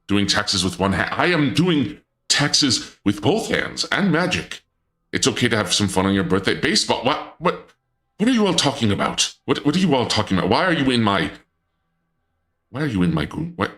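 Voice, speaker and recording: A man streaming casually in a dark lord persona, flustered and indignant, stammering and restarting often, with sudden high-pitched outbursts. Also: sing-song, brisk.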